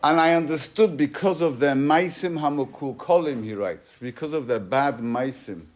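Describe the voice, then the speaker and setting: A man's voice: fairly high pitch, normal speed. A man giving a Torah class as a rabbi, telling a story in an emphatic way and mixing Hebrew and Yiddish terms into his English. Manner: emphatic, swings between loud and soft. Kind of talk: sermon.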